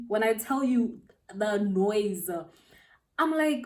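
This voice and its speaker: A young South African woman, a beauty vlogger, telling a story while doing her makeup, animated and slangy, laughing as she goes. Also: fairly high pitch, normal speed, recorded from a distance.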